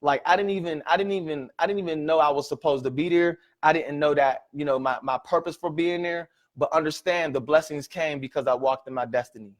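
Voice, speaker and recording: A man delivers a motivational talk, his voice sitting a bit higher than most men's. He tells stories in an animated way and keeps pulling the audience in with "ladies and gentlemen" and "right?". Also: fairly quick, few pauses. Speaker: motivational speaker. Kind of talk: presentation to an audience.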